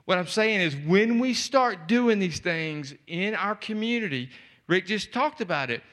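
Man, high voice, passionate sermon, emphatic repetition. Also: animated, measured pace, fairly bright tone. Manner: impassioned preaching, repetitive emphatic phrasing. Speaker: speaker at church event. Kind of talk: sermon-style exhortation.

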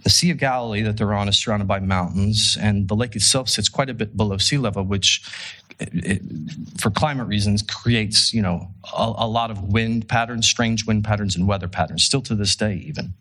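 Male pastor, casual sermon, bright tone with a husky edge, animated storyteller. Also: fairly low pitch, normal speed. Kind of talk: conversational sermon.

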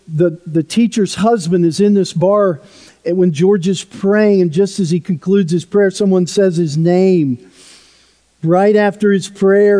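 A male pastor preaching a sermon in a church, telling a story in a conversational way that drops softly at times. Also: high-pitched. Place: church sanctuary. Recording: long hall reverb.

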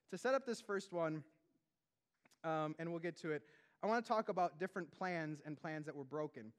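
A man preaching a sermon as pastor, in a chatty, conversational way full of asides and questions to the congregation, swinging between loud emphasis and hushed tones. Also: on the high side, normal speed. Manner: conversational, peppered with "like" and "right?".

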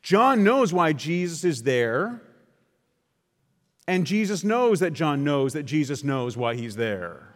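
Male preacher, slightly high voice, emphatic sermon delivery with casual asides, long hall reverb. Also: sing-song, takes it slowly. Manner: emphatic, with conversational asides to the congregation.

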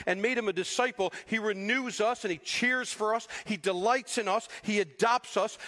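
High-voiced preaching man, echoing hall. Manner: animated preaching, acting out quoted voices. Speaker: pastor. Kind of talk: sermon.

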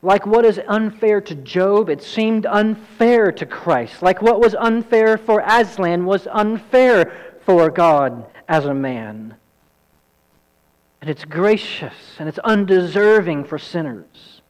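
A man pastor preaching an earnest, emphatic sermon, at times quick and at times slow. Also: high-pitched, expressive. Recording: long hall reverb.

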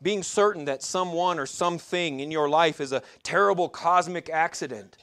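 Guy preaching a sermon, chatty tone, kinda high voice, asks the crowd stuff. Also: moderate pace, a bit bright. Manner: conversational, asks the audience rhetorical questions. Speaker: pastor.

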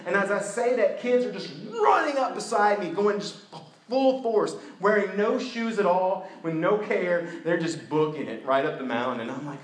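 A man preaching a sermon as a story, animated, going from loud outbursts to hushed tones. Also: on the high side, moderate pace. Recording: echoey room.

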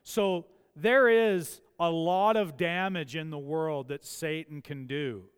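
A man preaching a sermon, emphatic and building to forceful peaks. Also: fairly high pitch, steady tone, slow, clean tone. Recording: long church hall reverb.

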